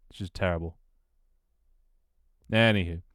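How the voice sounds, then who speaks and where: A man on a live stream, grumbling and swearing between easy laughs. His voice sits low and comes through smooth and resonant, recorded dry and close on a desk mic in a small room at home. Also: fairly even intonation, measured pace, a bit bright, dry recording. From United Kingdom. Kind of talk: casual live-stream chat.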